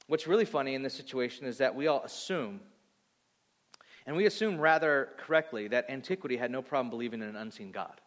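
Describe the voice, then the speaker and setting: A man in his thirties preaching a sermon, animated, acting out voices and swinging between loud and soft. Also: fairly high pitch, quick pace. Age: 30s. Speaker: pastor. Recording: long hall reverb.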